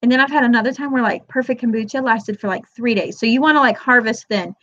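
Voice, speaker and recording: A woman's voice: on the high side, quick pace, a bit bright, dry recording. A woman hosting a casual weekly chat for moms, telling stories and acting out her friend's lines. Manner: chatty storyteller who acts out friends' lines in quotes; addresses viewers as "girl". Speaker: host of a weekly moms' chat. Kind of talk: casual live chat to viewers. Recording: dull, dry lo-fi webcam audio.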